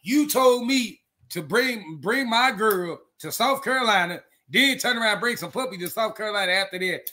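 A man's voice: sits high, expressive, normal speed, pushed and bright. Fired-up man ranting at a rival. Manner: confrontational, repeats and restarts words. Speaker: dog breeder. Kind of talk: heated rant to camera.

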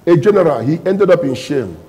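A man preaching a sermon as pastor, calling out questions to the congregation and bursting into loud emphatic lines. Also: fairly high pitch, lively intonation, fairly quick, long reverb tail, rough recording.

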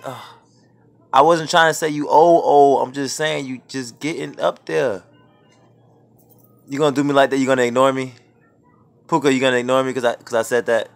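A man's voice: mid-range voice, creaky. A man at home filming on his phone, pleading in a mock-sincere, slangy way as he apologizes to his pet. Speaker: vlogger talking to his pet.

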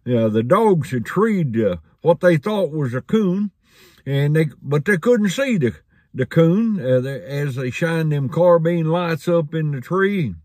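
Slow, lively preacher. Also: male voice, fairly high pitch, no echo, clean studio sound. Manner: folksy storytelling, chuckling. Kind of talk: sermon.

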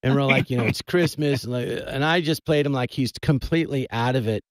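A man who is a comedian guest, telling an animated anecdote and laughing as he goes, at a radio studio microphone. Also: medium pitch, fast talker, no echo. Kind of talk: storytelling anecdote.

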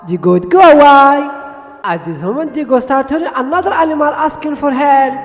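High-voiced man retelling a cartoon. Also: a little fast. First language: Arabic. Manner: simple non-native English, storytelling. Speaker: narrator. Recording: echoey room with faint music.

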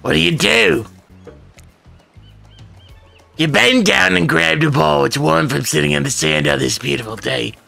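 A man reads a game's narration aloud in a wry, theatrical way, slipping in joking asides. His voice is heavily gravelly, with lots of fry, and it sits a touch high with a bright edge. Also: normal speed, faint music behind. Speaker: let's play host.

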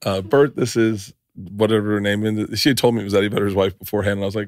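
A man's voice: fairly low pitch, fast talker, no room sound, studio quality. A middle-aged man hosting a podcast, telling stories in a casual chat and laughing often. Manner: animated storyteller, laughs a lot. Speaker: podcast host.

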